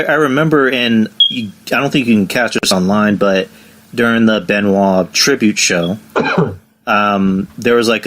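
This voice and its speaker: A podcast host with a fairly low, fairly bright voice tells stories on his casual show. He acts out the voices of the people in them, performing their quoted lines.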